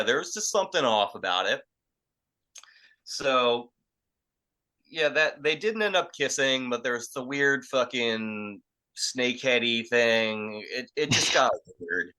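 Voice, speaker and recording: A man's voice: on the low side, rough recording. A young man casually telling a crude story, rambling and profane, full of fillers. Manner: rambling, profane, filler-heavy, acts out quotes loudly. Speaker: podcast storyteller.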